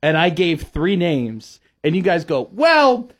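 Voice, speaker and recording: A man hosting a radio show, chatting casually in the studio and telling stories in an animated way, laughing often. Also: a little high, unhurried.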